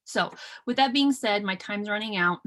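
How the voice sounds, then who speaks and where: Speaking at a moderate pace in a slightly bright mid-range voice, a team leader in her thirties runs a business video call. She gives an earnest, chatty motivational talk, often restarting and using lots of fillers.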